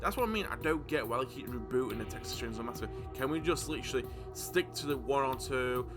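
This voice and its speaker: A man's voice: mid-range voice, animated, fast talker, over music. A man ranting casually about horror movies, stammering and swearing, exasperated.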